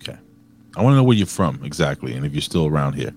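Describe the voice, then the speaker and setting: A man co-hosting a wrestling review podcast in casual banter, blunt, profane and excitable. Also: rumbling low, fast, a little hiss or hum. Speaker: podcast co-host.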